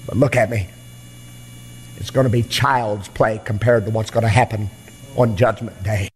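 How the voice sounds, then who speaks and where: A man preaching a revival sermon, fiery and dramatic, swinging from hushed storytelling to loud pleading questions. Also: fairly low pitch, steady tone, moderate pace, long reverb tail, slight background noise. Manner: fiery, shifts from quiet to shouting. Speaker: evangelist preacher.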